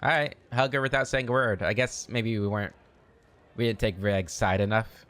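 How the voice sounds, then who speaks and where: Man, low voice, casual let's play host, relaxed joking. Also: moderate pace. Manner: relaxed, joking asides between reading game text. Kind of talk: casual gameplay commentary.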